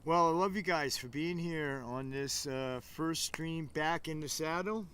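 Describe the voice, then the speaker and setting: A man's voice: a little high, measured pace, a bit bright, slight background noise. Rambling enthusiastic man by a campfire. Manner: rambling and enthusiastic, talks to chat viewers. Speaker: livestream host. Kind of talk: casual fireside livestream chat. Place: outdoors by a campfire.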